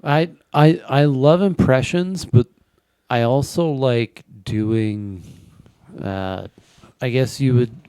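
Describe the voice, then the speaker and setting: Male comedy podcast guest, smooth clear voice, unhurried, halting delivery. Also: mid-range voice, warm tone, dry recording. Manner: rambling, halting, full of fillers. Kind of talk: casual chat.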